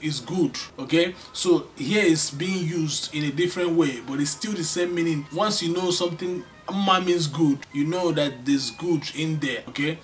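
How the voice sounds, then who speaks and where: A man's voice: on the high side, moderate pace, hardly any pauses, far from the mic, soft background music. A man teaching an online language lesson, drilling phrases by repetition with playful teasing asides. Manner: emphatic, repeats phrases for drilling.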